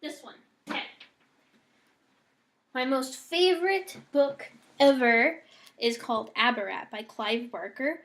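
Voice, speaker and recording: A woman's voice: high voice, lively intonation, slow, long pauses, a bit bright. A young woman from the United States in a casual, bubbly vlog, reading words for an accent challenge. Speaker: vlogger.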